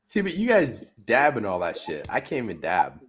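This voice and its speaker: A man on a podcast, telling his own mishaps in an animated, self-mocking way with lots of laughter. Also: medium pitch, moderate pace, slightly rough. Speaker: podcast co-host. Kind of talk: casual chat.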